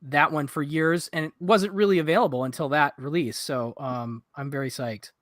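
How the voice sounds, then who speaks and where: Easygoing male host, slightly higher voice. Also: normal speed, fairly bright tone, no room sound, clean studio sound. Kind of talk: casual chat.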